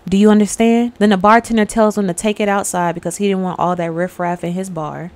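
A woman's voice: on the low side, fairly even intonation, fast. A young adult woman hosting her own channel, casually recapping a film in a chatty, storytelling way, talking straight to her viewers. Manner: acts out characters' lines. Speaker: online host recapping a film. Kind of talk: casual spoken movie recap.

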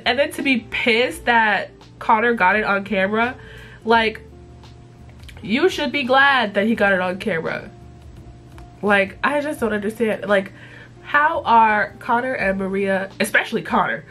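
A woman's voice: mid-range voice, moderate pace. A sick young woman with a congested voice, chatting bluntly to her viewers and cursing freely. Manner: blunt, swears freely, animated. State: congested from illness. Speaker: YouTube vlogger. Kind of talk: casual chat to camera.

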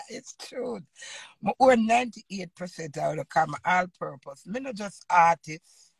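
A Jamaican woman in her fifties, an entertainer and host, ranting loudly in an unscripted live video and swearing freely. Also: on the low side, animated, slow pace, creaky, husky, no echo. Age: 50s. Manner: loud, combative, swearing freely.

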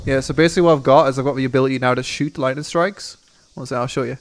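Fast-talking man commenting on gameplay. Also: medium pitch, fairly even intonation. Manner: chatty, rambling, many fillers. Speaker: server admin and streamer.

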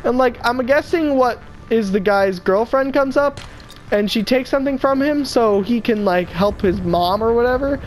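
A woman's voice: normal speed, low-quality recording. Chatty young woman telling a story. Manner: animated, mimics a drunk stranger in a high wail. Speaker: podcast co-host. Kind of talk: casual storytelling chat.

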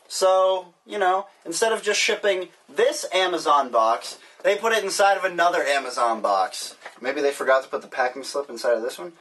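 A man's voice: a little high, moderate pace, few pauses, a bit bright, slightly rough. A man hosting a casual mail-opening vlog, joking and rambling sarcastically as he opens packages. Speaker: vlogger. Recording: distant mic, faint hiss.

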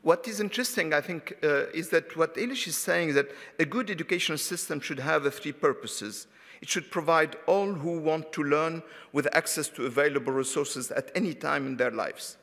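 A man's voice: on the high side, moderate pace, fairly bright tone. A man from Tunisia moderating an academic panel, hesitant, with many fillers and restarts. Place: conference hall. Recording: reverberant conference hall.

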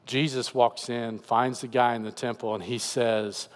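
A man's voice: mid-range voice, moderate pace, few pauses, long reverb tail. A man preaching as pastor, earnestly explaining scripture in a conversational voice. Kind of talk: sermon. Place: church sanctuary.

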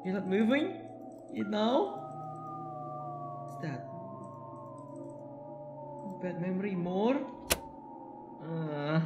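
A streamer nervously commenting live while playing a horror game, repeating short phrases and swinging between soft murmurs and sudden yelps. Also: medium pitch, very animated, very slow, pauses often, dull audio. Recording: roomy sound with game music. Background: game music.

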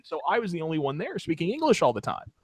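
A man's voice: fairly high pitch, huge pitch swings, quick pace, slight background noise. A man telling rambling stories as a podcast co-host in casual chat. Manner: rambling storyteller, loud when acting out shouts.

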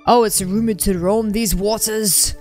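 A woman's voice: mid-range voice, steady tone, measured pace, darkish tone, soft background music. A woman chatting casually while playing a video game, joking and reading the game's prompts aloud in a dramatic tone. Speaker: game streamer. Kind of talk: casual gameplay chat.

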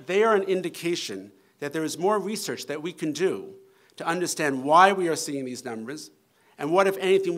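A man reads prepared remarks at a public announcement, his voice slightly high. He keeps a measured, formal delivery as he leads up to the governor. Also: fairly bright tone. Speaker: official introducing the governor.

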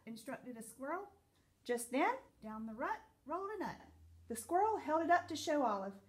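Woman, teacher, read-aloud storybook, high voice, lively sing-song delivery. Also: a little slow.

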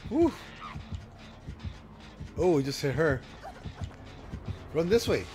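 A man's voice: fairly high pitch, big pitch swings, takes it slowly. A man streaming a horror game, chatting, joking and laughing often as he plays. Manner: laughs often, playful trash talk. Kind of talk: live gaming commentary and storytelling. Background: game music.

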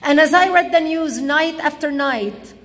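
Woman, from Lebanon, impassioned speech, higher voice, long hall reverb. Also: fairly bright tone. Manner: dramatic storytelling, slow emphatic pauses. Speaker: public speaker. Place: public event hall.

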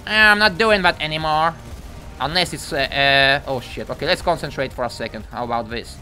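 A young man giving live gameplay commentary, excitable and profane, breaking into yelps and shouts. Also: fairly high pitch, normal speed, faint music behind.

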